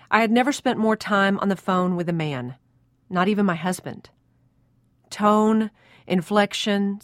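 A woman's voice: medium pitch, no room sound. Woman reading her memoir, dry close sound. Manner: reflective, measured storytelling. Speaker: narrator of a memoir. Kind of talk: reading a personal memoir aloud.

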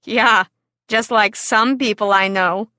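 A woman's voice: mid-range voice, fairly even intonation, slow, bright, forceful tone, no echo, studio quality, voice pushed down. A woman voicing an easygoing farm boy who talks in an offhand, teasing way in a storybook reading.

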